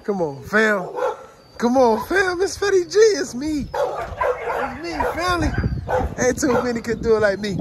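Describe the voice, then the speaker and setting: Hyped man vlogging outdoors over loud noise. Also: extremely high pitch, very animated, measured pace. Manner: hyped, shouting out to viewers, calls them family. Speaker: dog breeder vlogger. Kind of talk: casual vlog talk. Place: outdoors at a kennel yard and house. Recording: loud background noise, dogs barking.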